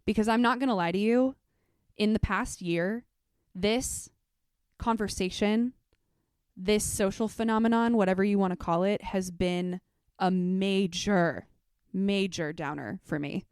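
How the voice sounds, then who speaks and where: A woman's voice: medium pitch, a little slow, a little mellow, clean tone, dry recording, studio quality. A young adult woman, a teacher, hosting her own podcast in a candid, reflective way, with frequent fillers. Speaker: podcast host. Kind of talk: casual solo podcast talk.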